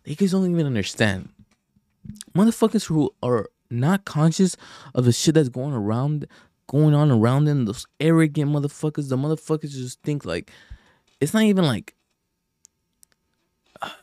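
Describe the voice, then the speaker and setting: A man's voice: a little high, expressive, moderate pace, dark tone, no room sound, studio quality. A young man hosting a podcast, rambling in a casual rant full of profanity, sighs and fillers. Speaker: podcast host.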